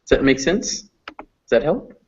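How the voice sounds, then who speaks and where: Guy running an online pronunciation class, slow careful modelling of sounds, kinda muffled stream audio. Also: mid-range voice, very animated, darkish tone. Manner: patient, encouraging, models sounds slowly. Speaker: pronunciation teacher. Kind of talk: live online pronunciation lesson.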